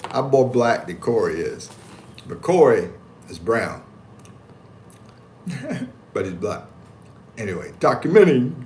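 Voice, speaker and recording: A male American livestreamer speaks slowly in a mid-range voice, leaving long pauses as he spins a jokey, slangy story with animation and reads chat messages aloud. The recording has an echoey room sound, faint ambience, and slight background noise.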